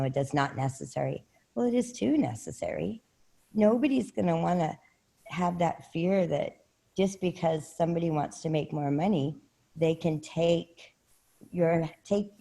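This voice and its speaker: A woman's voice: on the low side, gravelly, warm tone. A woman giving an indignant, exasperated public comment at a town meeting.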